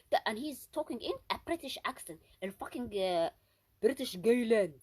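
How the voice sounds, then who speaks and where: A woman's voice: on the high side, expressive, moderate pace, darkish tone, breathy edge. A woman delivering an unscripted solo monologue, agitated and accusatory, often stopping to restart and repeat her words for emphasis. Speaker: vlogger.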